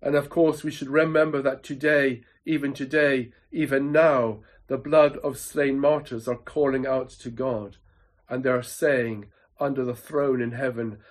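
A man's voice: mid-range voice, fairly even intonation, unhurried. A man preaching a sermon in an earnest, emphatic way, building rhythm through repetition.

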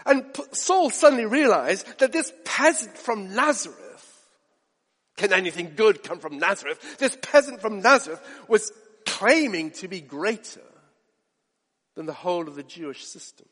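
A male preacher delivers a sermon at a moderate pace in a high, lively voice, his pitch swinging up and down. He speaks animatedly and performs the voices of those he quotes, all ringing with long reverb in a church hall.

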